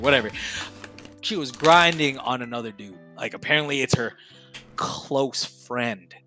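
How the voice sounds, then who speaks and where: Young guy ranting thru a school story, bright punchy voice, swears a lot, faint music behind. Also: medium pitch. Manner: animated, swears often, laughs mid-story. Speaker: podcast guest. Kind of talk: casual storytelling.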